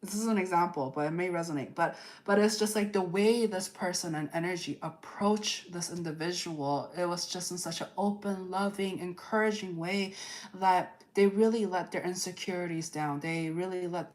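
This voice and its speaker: A woman with a slightly low voice gives a live tarot reading in an unscripted, rambling way. She strings thoughts together with fillers and frequent "okay?" checks. When she quotes people, she slips into lively made-up voices. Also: normal speed. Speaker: tarot reader. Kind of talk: live astrology energy forecast.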